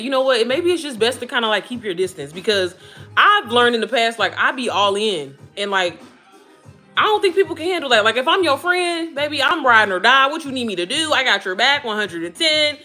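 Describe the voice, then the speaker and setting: A woman in her thirties chats casually with her viewers, swooping all over her register in a fairly high, bright voice. She calls them girl and baby as she talks. Music plays quietly behind her. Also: fairly quick. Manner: chatty, animated, addresses listeners as girl and baby. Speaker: vlogger talking to viewers while cooking. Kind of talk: casual chat.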